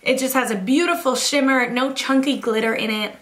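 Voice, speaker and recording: A young woman talks fast and casually through her favorite products for a makeup vlog, her voice sitting a little high. The tone is bright and forward. She gushes, leans on "like" and "literally", and sounds a touch out of breath. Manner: chatty and gushing, heavy use of "like" and "literally". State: slightly out of breath. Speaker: beauty vlogger.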